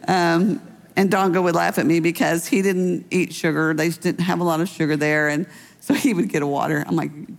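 A woman's voice: lowish voice, moderate pace, vocal fry. A middle-aged woman pastor giving a conversational sermon, telling personal stories with light laughter. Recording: long hall reverb.

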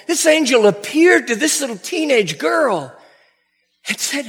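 A man's voice: very high-pitched, sing-song, measured pace, fairly bright tone, in a large hall. A middle-aged man preaching a sermon to a congregation, telling stories animatedly with acted-out quotes and laughter. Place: church hall before a congregation.

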